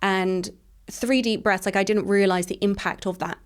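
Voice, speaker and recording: A woman in her thirties from England, telling her personal story as an interview guest in a frank, rapid way, full of "like" fillers. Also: mid-range voice, fairly even intonation, clean tone.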